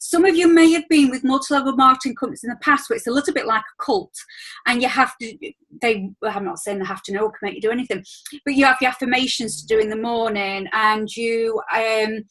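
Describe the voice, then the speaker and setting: A woman hosts a team training over a video call. Her voice sits high and bright, and she talks in a gushing, rambling way full of fillers. It sounds like a home computer mic on a video call. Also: steady tone, quick pace, rough recording. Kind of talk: casual chat on a video call.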